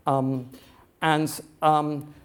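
A man preaching a sermon, telling a story in an earnest, halting way with many restarts. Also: a little high, level tone, clean tone.

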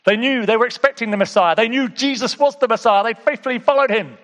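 A man preaching in a high, lifted voice, speaking to his congregation like friends. He drops to near-whispers, then bursts into emphatic exclamations. His words ring out in a large hall with a long reverb tail. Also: fast. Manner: swings between hushed intimate asides and emphatic exclamations; conversational, with repeated calls to the audience. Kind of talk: sermon.

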